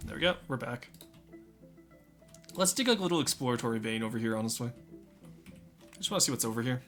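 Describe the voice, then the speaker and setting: A man's voice: mid-range voice, animated, brisk, a bit bright, soft background music. Chatty man streaming a game. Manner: chatty, joking, talks to chat. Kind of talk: casual live game commentary.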